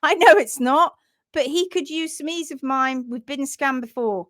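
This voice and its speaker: High-voiced, chatty woman host. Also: moderate pace, fairly bright tone, no room sound. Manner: chatty, giggly, upbeat. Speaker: host of a horse care live show. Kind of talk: casual live-stream chat.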